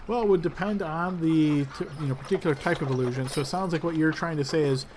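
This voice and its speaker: A man's voice: fairly high pitch, fast talker. Chatty male game master, noisy recording. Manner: relaxed, chatty, with many fillers. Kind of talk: narrating a tabletop game.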